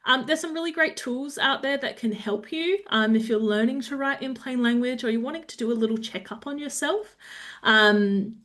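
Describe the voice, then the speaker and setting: An Australian woman presenting a webinar talk, explaining steadily with frequent pauses and small touches of humour. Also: sits high, fairly bright tone. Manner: explanatory, lightly humorous, with frequent "um".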